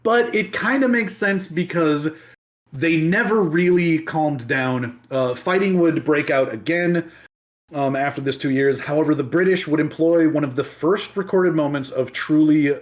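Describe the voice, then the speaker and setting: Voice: mid-range voice, unhurried. A podcast host casually retelling history, chatty and digressive with many asides.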